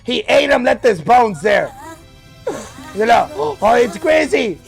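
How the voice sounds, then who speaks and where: A man hosting a reaction video, narrating and exclaiming excitedly at what he watches. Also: very high voice, slow pace, vocal fry, soft background music. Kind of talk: live reaction commentary.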